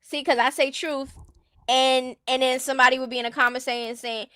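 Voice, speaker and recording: Sassy high-voiced woman streamer. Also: level tone, fairly quick, a bit bright, dry recording, studio quality. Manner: blunt, sassy, laughs often. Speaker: stream host. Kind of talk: casual commentary chat.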